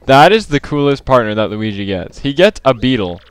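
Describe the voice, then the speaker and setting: A man's voice: medium pitch, big pitch swings, fairly quick, clean tone, no echo. A young man in casual let's play commentary, chatty and muttering at the game as he plays.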